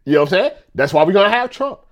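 A man's voice: high voice, racing, lo-fi sound. Guy going off on a rant, keeps asking "you know what i'm saying", voice jumps all over. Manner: animated, repeats himself, rhetorical questions. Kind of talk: casual political rant.

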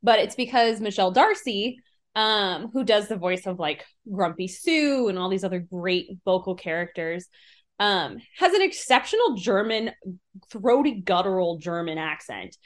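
A woman's voice: medium pitch, lively intonation, normal speed. A woman voice actor casually rambling through a behind-the-scenes story about writing a sketch. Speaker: voice actor and writer.

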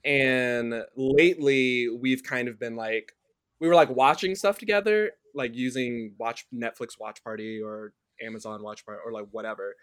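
A man's voice: mid-range voice, normal speed, fairly bright tone, smooth, no echo, studio quality. A man guesting on a podcast in casual chat, rambling and hesitant with many restarts.

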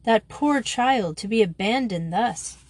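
A woman voicing a courteous, formal Austrian gentleman in a story reading. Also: on the high side, expressive, measured pace, dry recording. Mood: indignant.

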